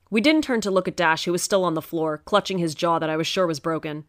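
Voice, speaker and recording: A woman reads a first-person story aloud with earnest, emotional delivery. Her voice sits a little low, and the recording is dry and close with no room sound. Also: quick pace, dry recording. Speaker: narrator.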